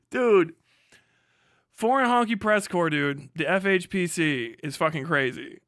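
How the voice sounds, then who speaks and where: A man's voice: sits high, lively intonation, slow, a bit bright, no echo, studio quality. A man streaming live, chatting in a rambling, profane way and laughing often. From United States. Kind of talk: casual live-stream commentary.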